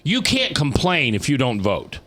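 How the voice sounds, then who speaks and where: A talk radio host chats casually, rambling and frequently restarting his sentences while drawing out words for emphasis. His mid-range voice is fairly bright and swings hugely in pitch.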